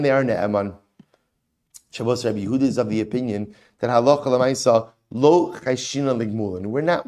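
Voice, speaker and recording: Animated man teaching a Talmud class. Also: medium pitch. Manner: animated, asks and answers his own questions; mixes Hebrew and Aramaic terms into English.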